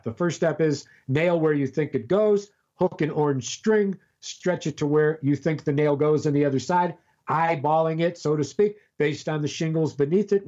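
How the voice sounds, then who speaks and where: A man's voice: a little high, a little mellow, dull audio. Rambling older man telling a story. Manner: rambling, storytelling with halting restarts. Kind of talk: casual chat on a call.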